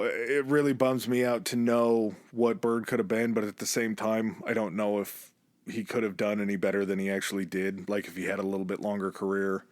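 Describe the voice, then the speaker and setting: In a close, dry recording with no room echo, a male podcast host tells a story in a relaxed, chatty way. Whenever he quotes someone, he slips into a quick impression, shifting his pitch to act out the line.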